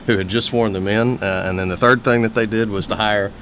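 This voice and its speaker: A man, a city official chatting on local radio, halting with many fillers and quick to laugh. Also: on the low side, steady tone, fairly bright tone, a little hiss or hum. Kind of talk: casual radio chat.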